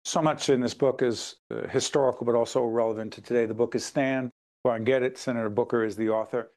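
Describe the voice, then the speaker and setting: A man's voice: mid-range voice, fairly even intonation, fast talker, a little mellow. A man hosting an interview, pressing his guest with pointed follow-up questions. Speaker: interview host.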